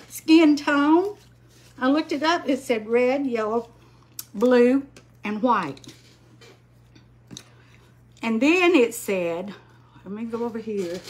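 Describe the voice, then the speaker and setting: An older woman, chatting slowly on a craft livestream, greeting viewers by name while she paints. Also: on the high side, lively intonation, breathy edge. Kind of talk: casual live-stream chat while painting.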